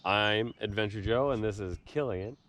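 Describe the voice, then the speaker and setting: A man hosting a casual outdoor vlog at a campsite, easygoing and quick to laugh. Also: on the low side, fairly bright tone. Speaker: host.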